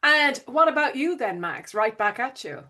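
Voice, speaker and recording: A woman's voice: high-pitched, big pitch swings, normal speed, bright, forceful tone. A woman hosting a podcast, speaking in a reflective, conversational way. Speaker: podcast host. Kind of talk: podcast interview.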